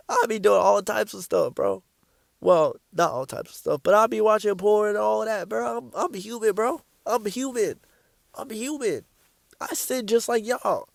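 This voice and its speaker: A man talks straight to the camera in an animated, incredulous rant about faith. His voice sits high and has a gravelly edge. The sound is dry and close, with no room around it. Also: no echo. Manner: animated, repeats "bro" often, laughs, incredulous. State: coughing from sickness. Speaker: Christian vlogger. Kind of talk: casual preaching rant to camera.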